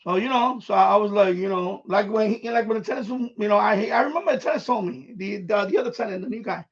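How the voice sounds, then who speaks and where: A high-voiced man rants about a former tenant, swearing freely and getting worked up. His voice is husky and a little breathy. The stream audio sounds dull and lo-fi. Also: fast talker. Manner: profane, worked-up, laughs a lot. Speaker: live stream host, landlord. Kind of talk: casual storytelling rant.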